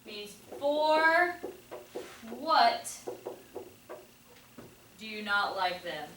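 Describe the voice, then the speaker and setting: A woman teaches her class in an upbeat way and keeps firing short questions at the students. Her voice sits a little high. It comes from across an echoey classroom with faint room noise behind it. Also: very animated, recorded from a distance. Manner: upbeat, asks the class many quick questions. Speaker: Spanish teacher.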